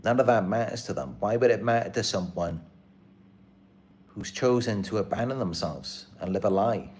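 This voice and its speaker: Low-voiced man talking into camera. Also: normal speed, darkish tone. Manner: earnest, repetitive, aggrieved. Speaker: channel host. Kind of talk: casual live-stream monologue.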